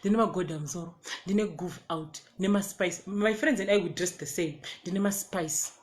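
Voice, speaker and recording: A woman with a Zimbabwean accent tells a personal story in a casual, animated way and acts out the quotes. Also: lowish voice, moderate pace, roomy sound. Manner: animated, switches between English and Shona, acts out quotes. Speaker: storyteller vlogger.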